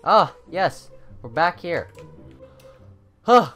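An excitable gamer narrates a maze run in let's-play style, muttering under their breath before bursting into high panicked yelps. The voice swings widely in pitch, and faint game music plays underneath. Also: measured pace. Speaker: gamer playing a maze map.

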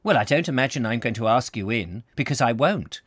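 A man voicing a prim, firm young woman in a live book reading, speaking crisply. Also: a little high, very animated, normal speed, a bit bright, no room sound, studio quality, voice pushed up. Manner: crisp, decided.

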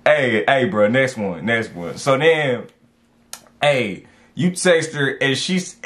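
A man giving casual dating advice as he reacts to text messages, animated and slangy, repeating lines for emphasis. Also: mid-range voice, slow.

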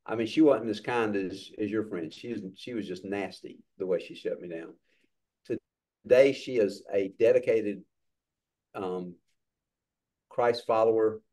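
Low-voiced man as church class leader, encouraging and upbeat over a video call. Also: unhurried, long pauses, warm tone.

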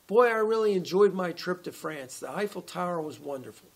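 A man's voice: sits high, expressive, brisk. A man voicing a boastful, chatty talking horse in a sermon story. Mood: bragging. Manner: chatty bragging. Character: boastful well-traveled talking male horse.

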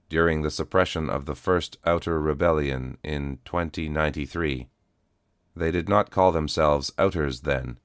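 A man reading the part of a battered old male cyborg, speaking in a flat, calm, measured way. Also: rumbling low, dry recording, clean studio sound. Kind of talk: audiobook reading.

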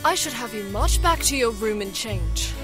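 A woman's voice: fairly high pitch, expressive, normal speed, music in the background, close to an everyday voice. A woman voicing a strict, demanding aristocratic mother who talks in a stern, clipped, commanding way while reading a story game aloud.

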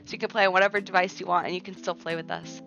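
A woman's voice: lowish voice, steady tone, rapid-fire, a bit bright. A woman from the United States chatting casually on a live stream, rambling and reading viewer messages aloud, full of "like" and "um.". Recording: dull lo-fi stream audio with faint music. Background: faint background music.

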